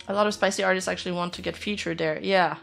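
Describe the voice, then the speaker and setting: A woman's voice: on the low side, steady tone, fast talker, creaky, soft background music. A woman streamer casually reacting to news, reading posts aloud and chatting with her viewers. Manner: chatty, answers chat, reads text aloud.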